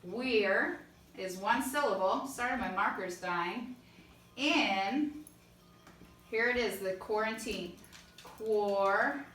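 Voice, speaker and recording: In an online songwriting lesson, a woman music teacher speaks in an unhurried, mid-range voice with a fairly bright tone. She walks through each step and sings brief lines to test them; the room is echoey and she sits a bit far from the mic.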